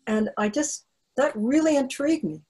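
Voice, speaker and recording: A woman's voice: sits high, moderate pace, warm tone, breathy edge, low-quality recording. An older woman author answering interview questions over a video call, talking in an earnest, reflective way with frequent restarts.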